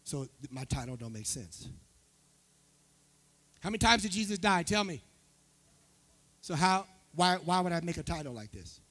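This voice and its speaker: A man preaching as pastor to his church, loud at times, calling on members of the congregation by name. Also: on the high side, sing-song, moderate pace, long pauses. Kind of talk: sermon.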